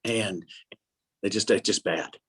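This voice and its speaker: An older man speaks as an interview guest. His voice is husky and a bit breathy. He tells his story in a halting, rambling way, often breaking into laughter. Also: fairly low pitch, fairly even intonation, fairly bright tone. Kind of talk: emotional personal storytelling.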